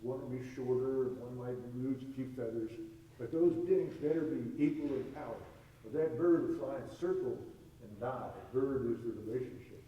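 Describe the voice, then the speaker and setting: A man's voice: medium pitch, moderate pace, far from the mic, dull audio, a little hiss or hum. Folksy man telling stories in an echoey room. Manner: storytelling, acts out quoted voices, folksy. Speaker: spiritual teacher. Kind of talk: teaching talk with stories. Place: hall with a live audience.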